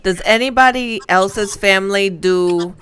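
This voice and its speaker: A woman's voice: mid-range voice, a little slow, crowd noise. A woman in her thirties who grew up between the United States and Spain, telling stories as a podcast co-host and slipping into Spanish now and then. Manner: animated storyteller, slips into Spanish. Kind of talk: casual podcast chat, storytelling.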